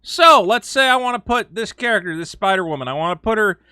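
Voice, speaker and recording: A man giving casual opinion commentary as a video host, animated and sarcastic, slipping into mocking quoted voices with frequent fillers. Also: high-pitched, fast, clean tone, no echo, clean studio sound.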